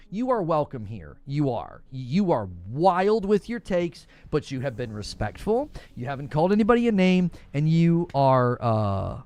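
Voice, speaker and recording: A man hosting a gaming show from home, chatting live with viewers in an animated, incredulous, rambling way. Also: a little high, dry recording. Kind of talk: live-stream chat answering viewers.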